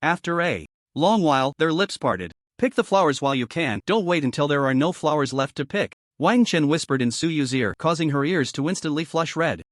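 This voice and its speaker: Man, scripted story narration, somewhat high voice, lively pitch, dry close sound. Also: no room sound.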